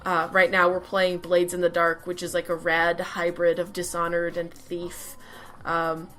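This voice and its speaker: A woman's voice: lowish voice, monotone, measured pace, bright, forceful tone, soft background music. A woman co-hosting a podcast in casual chat, laughing often and swearing freely. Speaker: podcast co-host.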